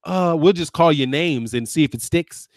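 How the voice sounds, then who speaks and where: A man's voice: a little high, moderate pace, dry recording, clean studio sound. A man in his fifties, a lawyer hosting a boxing channel, ranting back at viewers with combative, sarcastic name-calling. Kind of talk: ranting commentary replying to viewers.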